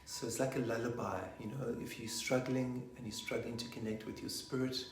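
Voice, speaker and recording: A man leading a guided meditation online, soft-spoken and slipping into whispers at times. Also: medium pitch, little pitch movement, a little fast, a little hiss or hum. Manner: rocks forwards and back while chanting. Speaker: meditation teacher. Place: online session from a room. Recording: roomy echo.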